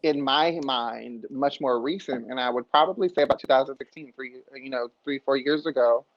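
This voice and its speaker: A man's voice: medium pitch, normal speed, no room sound. A man in a casual panel chat, speaking earnestly and thoughtfully. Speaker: podcast co-host. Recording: dry, dull lo-fi sound.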